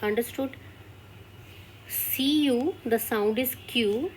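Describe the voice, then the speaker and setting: A woman's voice: fairly high pitch, slow, a little hiss or hum. Woman teaching a French lesson. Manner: explains step by step, checks in with "Clear?". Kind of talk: classroom-style language lesson.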